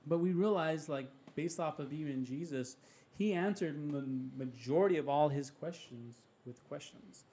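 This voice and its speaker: A man's voice: on the high side, normal speed, dark tone. A man, a father of young children, speaking as a podcast guest and sharing an earnest, heartfelt faith testimony in casual talk. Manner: earnest, heartfelt, acts out prayers in his own voice.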